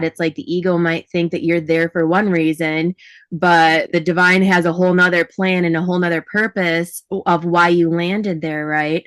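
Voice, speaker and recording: Female coach as host, lower voice, calm and reflective, dry close sound. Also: no room sound. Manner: calm, reflective, slows on key words. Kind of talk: reflective interview talk.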